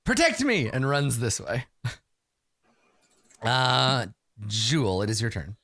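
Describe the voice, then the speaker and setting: A man narrating a tabletop game as game master, halting with many fillers and frequent chuckles. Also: medium pitch, vocal fry, fairly bright tone, dry recording, studio quality.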